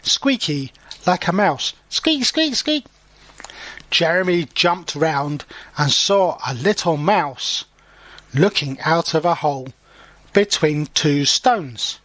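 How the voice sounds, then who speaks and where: Male teacher reading a picture book to learners; patient, slow, with dry close sound. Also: a little high, fairly bright tone, no echo. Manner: slow and clear, pausing to explain words. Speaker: English teacher. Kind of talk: storybook read-aloud for learners.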